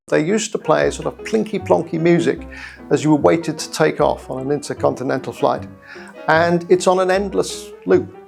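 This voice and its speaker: A middle-aged British man tells his own story, measured and reflective, often restarting a phrase. His voice is gravelly with heavy fry, sitting a touch high for a man. Faint music runs softly underneath. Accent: British English. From England. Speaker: guest storyteller. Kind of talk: personal story told to camera.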